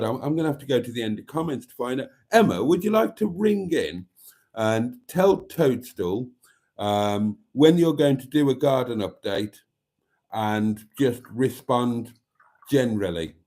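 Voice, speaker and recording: A man's voice: medium pitch, warm tone. A man hosting a casual live stream, reading out viewer comments in a chatty, wry and self-mocking way.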